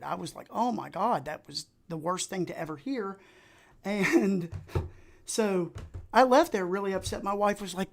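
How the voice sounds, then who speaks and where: A man hosting his own livestream, chatting and telling stories in a lively, talkative way. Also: sits high, normal speed, creaky. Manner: energetic, chatty storyteller. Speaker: livestream host. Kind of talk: casual livestream chat.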